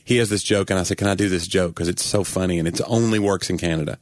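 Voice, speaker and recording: A man's voice: deep voice, quick pace, no room sound. A comedian co-hosting a casual chat, telling stories in a dry way and acting out his joke lines. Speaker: comedian, podcast co-host.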